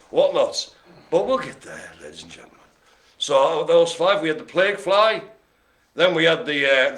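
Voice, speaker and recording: Jokey man calling bingo live, bright voice with lots of pitch swing, playful asides. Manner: joking, wordplay, playful asides. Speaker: bingo host.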